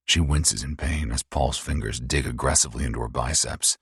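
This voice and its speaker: A middle-aged man narrating a story in a grim, measured way. His voice sits extremely low and husky, recorded bone-dry up close. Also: a bit bright, no room sound. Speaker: audiobook narrator. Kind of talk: first-person audiobook narration.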